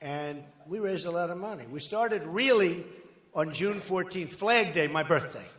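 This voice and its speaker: An older man giving a rambling, boastful campaign rally speech, conversational with sudden loud bursts. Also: high-pitched, moderate pace. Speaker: political candidate at a rally. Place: large outdoor rally crowd. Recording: echoey rally PA with crowd ambience.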